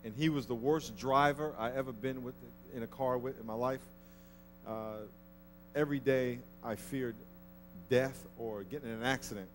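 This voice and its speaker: A male pastor with a mid-range voice preaches in church, telling a story conversationally before driving his point home with rising force into emphatic exhortation. There's slight background noise in the recording.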